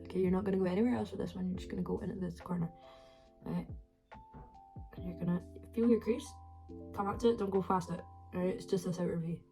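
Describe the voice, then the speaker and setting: A woman with a Scottish accent giving a chaotic, sweary makeup tutorial at home, with sudden soft muttered asides. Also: lowish voice, fairly even intonation, quick pace, creaky, pauses often, faint music behind. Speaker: beauty vlogger. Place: her flat at home.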